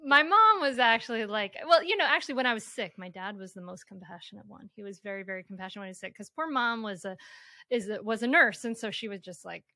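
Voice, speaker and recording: A woman hosting a podcast, speaking softly and reflectively, often pausing and rephrasing as she thinks. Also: medium pitch, no room sound, clean studio sound. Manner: soft-spoken, reflective, halting. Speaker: podcast host. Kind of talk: conversational interview.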